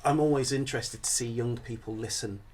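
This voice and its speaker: Halting man on a discussion panel. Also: mid-range voice, steady tone, a little mellow, a little hiss or hum. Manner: halting, many restarts and fillers.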